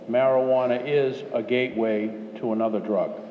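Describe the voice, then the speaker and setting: A man's voice: mid-range voice, warm tone. A city councilor answers questions at a public meeting, often restarting his sentences. The sound is roomy with a long reverb, muffled, with faint noise behind. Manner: halting, restarting. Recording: dull, echoey hall recording with faint noise.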